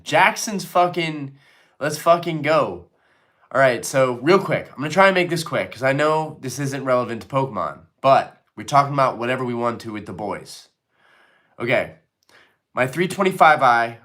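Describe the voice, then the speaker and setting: A man's voice: mid-range voice, a bit bright. A man hosting a casual live stream, rambling and swearing freely as he answers chat comments.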